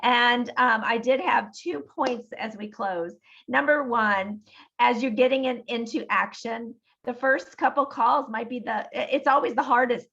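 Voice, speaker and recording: Woman, team leader, encouraging coach, slightly high voice, dull call audio. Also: vocal fry, fairly bright tone. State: froggy voice earlier today. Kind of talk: motivational business call.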